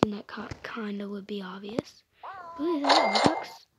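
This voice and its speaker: A woman hosting a game video, chatting excitably and often dropping into a whisper. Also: mid-range voice, normal speed. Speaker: gaming video host. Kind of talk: let's play commentary. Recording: noisy, with clicking sounds.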